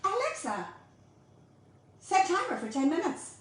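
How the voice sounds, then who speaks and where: Lively Irish woman in an echoey kitchen. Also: sits high, measured pace, distant mic. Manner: chatty, playful, addresses viewers directly. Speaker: baking teacher. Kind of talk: home baking demonstration. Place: home kitchen.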